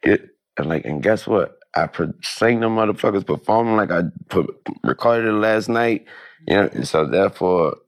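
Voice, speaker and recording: A man with a very low, gravelly voice talks through a relaxed interview. His delivery is loose and rambling, and he often restarts his sentences and fills the gaps with fillers. He comes across as an easygoing guest. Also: normal speed, no room sound. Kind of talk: casual interview talk.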